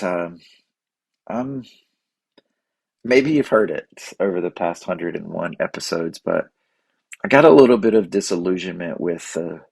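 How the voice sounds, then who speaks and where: A man with a deep voice hosts his own show, thinking out loud in a halting, earnest way. His voice is husky and dry, recorded close with no room sound. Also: no echo. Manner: halting, many restarts and fillers, earnest. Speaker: podcast host. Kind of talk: unscripted reflective monologue.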